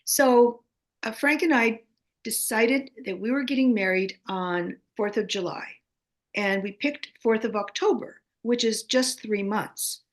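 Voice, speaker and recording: An older woman from the United States in her seventies, an author and guest telling stories in an animated way and often checking in with "okay?". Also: a little high, measured pace. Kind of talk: animated anecdotal storytelling.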